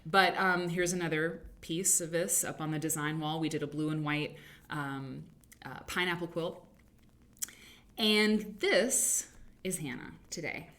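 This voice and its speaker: Lady hosting a stream, kinda low voice but bright and punchy, rambles and laughs a lot. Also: measured pace. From Midwestern US. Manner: chatty, rambling, laughs easily. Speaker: host. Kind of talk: casual livestream chat. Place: home studio with green screen.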